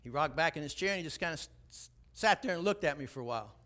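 High-voiced animated preacher man, 60s. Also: racing, slight background noise. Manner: animated storyteller, acts out dialogue, rises to loud exhortation. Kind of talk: sermon storytelling.

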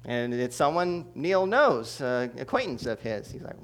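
Speaking at a measured pace in a sing-song, mid-range voice, a man shares his testimony as a sermon. His storytelling is humorous and animated, swinging between loud outbursts and quiet asides.

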